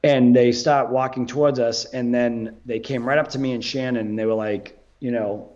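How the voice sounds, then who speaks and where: A man, a guest on a podcast, telling a story in a casual, animated way, swearing and laughing as he goes. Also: medium pitch, normal speed, highs cut off.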